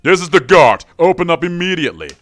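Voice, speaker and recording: A man's voice: sits high, animated, fast, no room sound, soft background music, voice pushed up. A man voicing a pushy city guard who barks orders, reading game dialogue aloud. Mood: impatient. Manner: loud, barking orders.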